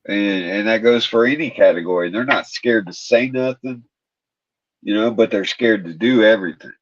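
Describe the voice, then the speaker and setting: A man's voice: on the low side, normal speed. A middle-aged man in casual conversation, talking bluntly about toughness and swearing often. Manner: blunt, tough-love talk with frequent swearing. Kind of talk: casual chat. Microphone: video call. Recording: dull, dry lo-fi mic.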